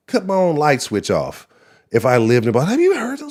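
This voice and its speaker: A man's voice: fairly high pitch, huge pitch swings, fast, darkish tone. A man with a Texan accent hosting a live sports talk stream, rambling and profane, laughing often and talking to the chat. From Texas. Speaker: sports show host.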